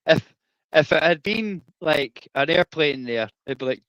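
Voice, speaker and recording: A man's voice: on the high side, animated, slow, fairly bright tone, no echo, rough recording. A Scottish man hosting a live stream, rambling casually and swearing freely.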